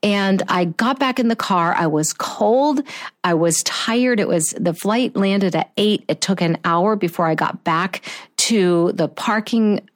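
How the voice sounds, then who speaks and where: A woman's voice: mid-range voice, a little slow. A middle-aged woman telling a personal story in an earnest, heartfelt way, often restarting her sentences. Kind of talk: personal anecdote, reflective storytelling.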